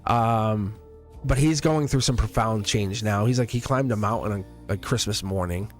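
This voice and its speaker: A man's voice: fairly low pitch, normal speed, faint music behind. A man hosting a live tarot stream in casual chat, talking in an earnest, rambling way with many fillers and restarts and frequent laughs. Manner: laughs often between thoughts. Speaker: tarot reader hosting a livestream.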